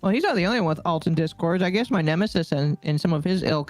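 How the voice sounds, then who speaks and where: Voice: medium pitch, expressive, quick pace, hardly any pauses, faint music behind. Suara tengah, reaksi datar geli. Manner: dry, amused reactions. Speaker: podcast co-host. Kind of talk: casual chat.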